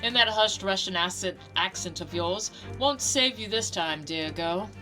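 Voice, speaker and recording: A woman's voice: medium pitch, measured pace, lightly acted, poor audio. A woman reading a grand, theatrical male detective's lines aloud from a game, with game music behind. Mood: grandiose. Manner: reads game dialogue aloud dramatically.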